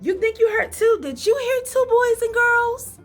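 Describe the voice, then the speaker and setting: A woman teacher leading a phonics lesson for young children, speaking slowly in an encouraging sing-song and asking many questions. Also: extremely high pitch, soft background music.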